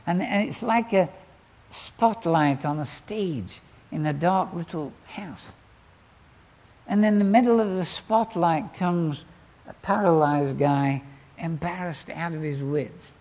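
A man preaching a sermon, telling the story dramatically and swinging between loud exclamations and quiet asides. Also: fairly high pitch, takes it slowly.

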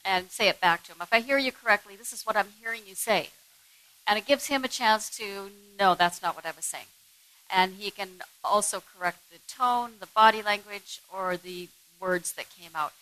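A woman's voice: medium pitch, normal speed, pushed and bright, rough recording. A woman co-presenting a talk on marriage with her husband, earnest and candid.

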